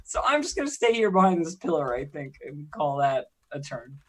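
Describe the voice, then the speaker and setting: A man's voice: fairly high pitch, very animated, normal speed. A man playing a tabletop game, easygoing and joking about his turn. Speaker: player.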